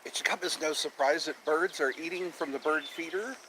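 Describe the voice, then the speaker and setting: A man's voice: fairly high pitch, a little fast, bright, forceful tone, slight background noise. A man hosting a casual live stream outdoors, cheerful and chatty, repeating himself as he greets viewers. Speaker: livestream host. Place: outdoors in nature with birdsong. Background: birds chirping.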